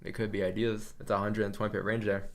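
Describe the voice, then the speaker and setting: A man with a low, gravelly voice talks casually through a day trading livestream. He chats loosely and answers his viewers between trades. Keyboard clicks and typing sound faintly behind him. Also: flat delivery, fast talker. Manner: loose, chatty, reads and answers chat.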